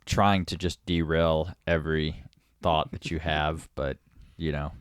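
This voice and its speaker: A man's voice: extremely low pitch, little pitch movement, a little slow, clean tone, no echo, clean studio sound. A man co-hosting a podcast, chatting casually and throwing in wry, laid-back remarks. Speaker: podcast co-host. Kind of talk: casual chat.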